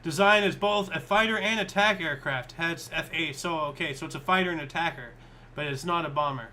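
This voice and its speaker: A man's voice: fairly high pitch, a little fast, bright, forceful tone, slight background noise. A man co-hosting a history show, chatting casually and thinking aloud as he reads. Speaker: co-host.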